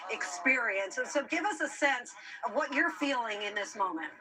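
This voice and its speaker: Woman anchor asking questions live, slightly high voice, noisy behind. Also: animated, moderate pace. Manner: curious, asking follow-ups. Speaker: news anchor.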